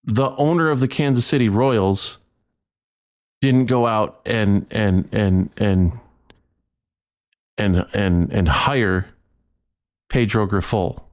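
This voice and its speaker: A man's voice: fairly low pitch, takes it slowly, long pauses. A man hosting a solo sports podcast, ranting heatedly and stumbling over repeated words. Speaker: podcast host.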